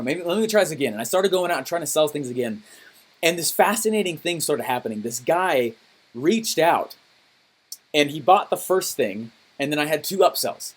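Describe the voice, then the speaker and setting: A man coaching on a call, telling his own story with animated energy and acting out how he reacted back then, checking in often with "okay?" and "right?". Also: on the high side. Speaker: business coach.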